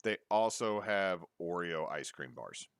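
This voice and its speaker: Guy, middle-aged, low voice, dry close sound, lively storyteller for a chat show. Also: unhurried, clean tone, dry recording. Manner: animated storyteller, acts out quotes. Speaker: podcast co-host. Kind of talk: casual chat.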